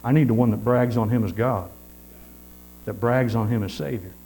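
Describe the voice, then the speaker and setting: A man's voice: medium pitch, moderate pace, mellow, slight background noise, low-quality recording. A man preaching a sermon in a folksy, repetitive way, with frequent amens.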